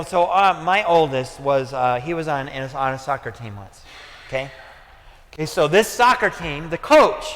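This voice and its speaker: A Midwestern American pastor with a slightly high voice preaches in a church sanctuary. His delivery is conversational, laced with repeated "okay" and "listen," and it climbs almost to a shout when he gets fired up; the recording carries the echo of the church hall.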